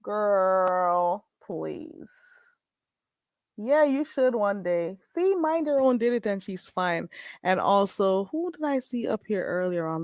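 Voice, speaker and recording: A woman's voice: fairly low pitch, darkish tone, no echo. A woman with a Caribbean accent, chatting bluntly and casually with viewers as a livestream host. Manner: blunt, chatty, frequent laughs. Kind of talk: casual live-stream chat.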